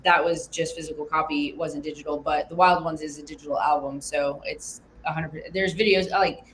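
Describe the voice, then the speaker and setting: A woman guesting on a livestream, chatting casually and cracking quick jokes. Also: deep voice, steady tone, slight background noise. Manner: chatty, joking, quick comebacks. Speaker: guest co-host of a reaction channel.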